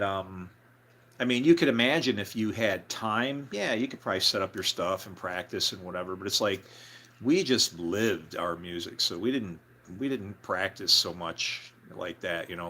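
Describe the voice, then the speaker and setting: With a deep voice, normal speed, and a sharp tone, a man who was once in a band relates a personal story. His telling is casual and rambling, packed with fillers and false starts.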